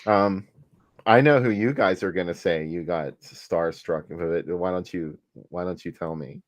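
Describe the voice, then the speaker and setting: A man's voice: low voice, measured pace, no room sound. A man hosting a casual chat, laughing often as he tells stories. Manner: chatty, laughs often, storytelling. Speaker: host.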